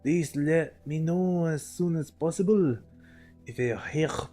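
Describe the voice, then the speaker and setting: A man's voice: fairly high pitch, takes it slowly, mellow, faint music behind. A man putting on a mock French accent to voice a pompous French doctor reading a letter aloud. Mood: hammy. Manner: hammy, breaking into laughter.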